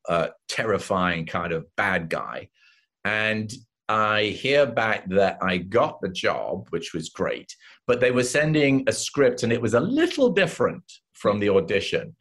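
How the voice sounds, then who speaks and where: Lively older English man telling anecdotes. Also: on the low side, a little slow. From England. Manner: animated anecdotes, acts out voices of others. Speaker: actor guest. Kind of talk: casual interview storytelling.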